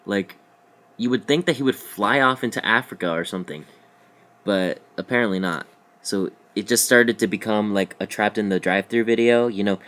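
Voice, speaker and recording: A young man with a fairly low voice tells a story for his vlog. He rambles loosely and jokes as he goes, slipping in slangy asides. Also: normal speed, a bit bright. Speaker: vlogger. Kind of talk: casual comic storytelling.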